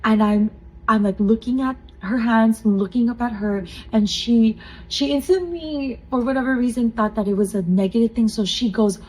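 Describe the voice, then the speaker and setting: A woman in her thirties co-hosting a faith podcast, telling a personal testimony in an earnest, emotional way with soft laughs. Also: a little high, moderate pace, poor audio. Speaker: podcast co-host.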